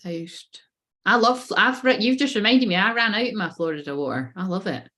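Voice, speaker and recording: A woman's voice: medium pitch, expressive, moderate pace, pushed and bright. A woman running a casual live tarot reading. She talks in a rambling, sweary way and often breaks into giggles. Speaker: tarot reader.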